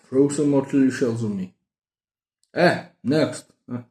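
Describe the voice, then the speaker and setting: A South African book vlogger in his thirties rambles through a casual book-haul chat, poking fun at himself and restarting often. His medium-pitched voice is unhurried and a little mellow, and the recording has a roomy echo.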